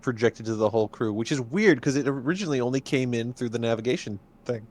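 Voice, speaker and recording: A man's voice: medium pitch, fast, a little mellow. A man co-hosting a podcast, chatting casually and adding wry asides to an episode recap. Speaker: podcast co-host.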